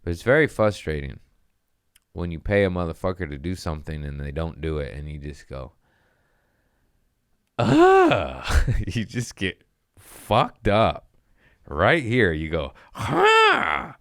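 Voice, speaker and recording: A man's voice: deep voice, normal speed, clear, resonant tone, no echo, clean studio sound. A man hosting a comedy podcast, ranting profanely and acting out voices in a casual comedic style. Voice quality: profane, animated, acts out voices.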